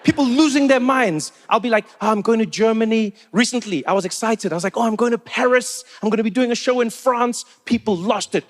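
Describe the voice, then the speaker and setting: A man's voice: high-pitched, fast, few pauses. A man from South Africa performing a stand-up set on stage, telling a story and acting out both sides of the conversations. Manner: animated storytelling, acting out dialogue in many voices. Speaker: stand-up comedian. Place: live stage before an audience.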